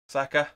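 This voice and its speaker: A young man hosts a live football watch-along in a casual, chatty way. He calls the play as it happens, reads out comments from viewers, and gets excited when chances arise.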